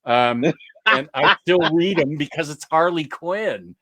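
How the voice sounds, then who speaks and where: A man's voice: a little high, expressive, a little slow, fairly bright tone. A man hosting a casual comics chat, enthusiastic and rambling, with lots of fillers and restarts. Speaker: comics podcast host.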